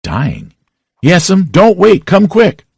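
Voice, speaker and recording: A man's voice: medium pitch, huge pitch swings, a little slow, creaky, darkish tone, husky, no room sound, clean studio sound, voice pushed up, full character voice. A man reading an audiobook, voicing an anxious young boy who pleads for help. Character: frightened boy, younger brother.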